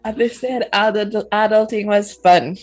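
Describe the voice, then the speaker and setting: A woman's voice: medium pitch, fairly even intonation, a little slow, soft background music. A woman co-hosting a podcast, chiming in with short joking remarks in casual chat. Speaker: podcast co-host.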